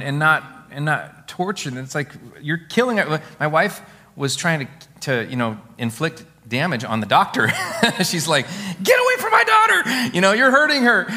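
A middle-aged male pastor preaches with a bright, forceful voice. He tells his stories in an animated, expressive way. The sound carries a long reverb, as in a large hall. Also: mid-range voice. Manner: storytelling, animated, laughs at his own stories. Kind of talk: sermon.

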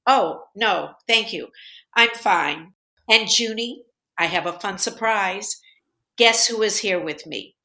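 A doting mother in a comedy sketch who chatters and pushes her way. Her voice is bright, at a middle pitch. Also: slow. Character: doting, pushy middle-aged to older mother.

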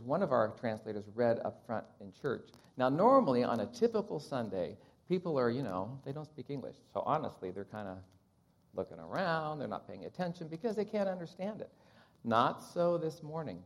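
A man's voice: mid-range voice, creaky. A man, a Bible translator, telling stories in a church missions talk and acting out the people he quotes. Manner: animated storyteller acting out quotes.

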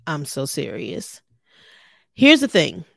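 Low-voiced earnest woman, gravelly edge. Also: huge pitch swings, slow, a bit bright, no room sound, clean studio sound. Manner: earnest, conversational, addresses listeners as y'all. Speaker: podcast host. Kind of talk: personal faith podcast talk.

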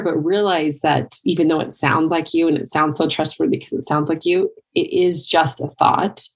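Middle-aged woman coach, low husky voice with some fry, chatty motivational talk. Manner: conversational, with many "like" and "right?" asides. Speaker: triathlon and life coach. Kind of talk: motivational monologue.

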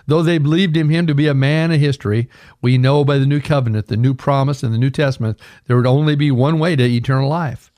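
Older guy pastor doing a radio sermon, earnest, slows down on the big words, dry studio sound. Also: mid-range voice, darkish tone, no echo. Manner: earnest, addresses listeners as folks, slows for emphasis. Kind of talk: radio sermon and Bible reading.

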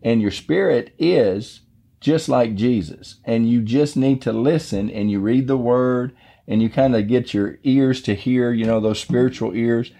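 A man's voice: medium pitch, measured pace, creaky, warm tone. A man hosting a devotional podcast, teaching the Bible in a casual, folksy, rambling way.

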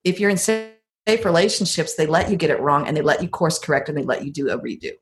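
A middle-aged woman with a low-set speaking voice talks through relationship advice in a relaxed conversational way. She tells stories with animation, and her voice leaps up whenever she acts out a quoted line. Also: fast. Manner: animated storyteller, acts out quotes with big pitch jumps.

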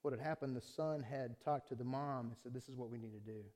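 A middle-aged man preaching as a pastor, telling a personal story in a conversational style that swings from quiet asides to loud, heated outbursts. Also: medium pitch, quick pace. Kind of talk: sermon with personal testimony.

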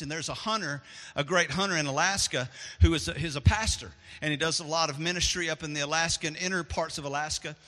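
A man preaching a sermon as pastor, swinging from loud to hushed, in a church sanctuary. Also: fairly high pitch. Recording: long hall reverb.

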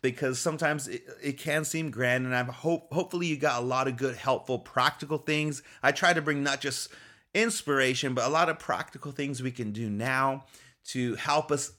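A man's voice: medium pitch, moderate pace, pushed and bright. A man delivers a motivational faith talk in a mid-range voice. He speaks in an upbeat, encouraging tone, repeats his key phrases for emphasis and often chuckles as he goes.

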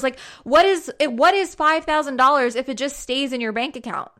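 A woman's voice: sits high, lively intonation, moderate pace, sharp tone. A young woman giving an emphatic, fired-up motivational talk to her followers, repeating herself for punch and swearing casually.

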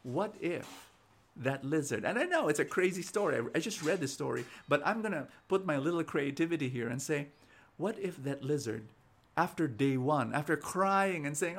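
A man's voice: fairly high pitch, lively intonation, normal speed, a bit bright. A man, preaching an inspirational sermon and telling stories, often repeating words as he starts sentences. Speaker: preacher and show host.

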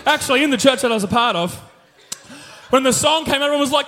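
Very high-voiced, energetic male preacher. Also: fast, a loud crowd. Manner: energetic, exclaiming, leading the congregation. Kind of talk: sermon. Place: church sanctuary. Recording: long hall reverb with faint music.

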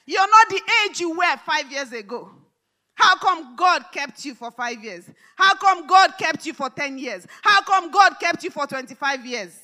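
A woman preacher delivering a live church sermon, fervent and repetitive, rising to shouted declarations. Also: extremely high pitch, moderate pace. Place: large church hall service.

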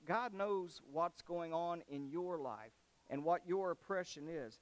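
A man's voice: fairly high pitch, unhurried. A man preaching a conversational, folksy sermon who acts out scripture as he goes.

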